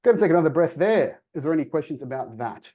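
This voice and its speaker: The sound is lo-fi as a man with a voice on the high side talks quickly, giving a sales coaching presentation to a virtual audience over video call. He plays out quoted exchanges energetically, using lively voices.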